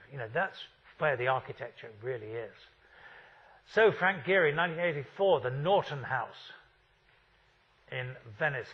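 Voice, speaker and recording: A man's voice: medium pitch, a bit bright, husky, lo-fi sound. A man in his fifties giving a university architecture lecture, wry and full of rhetorical questions.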